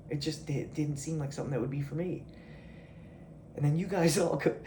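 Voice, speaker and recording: A video creator delivers a blunt, profanity-laced motivational rant directly at his viewers, swearing and confrontational. His voice is on the high side and mellow. The room is echoey, with slight background noise.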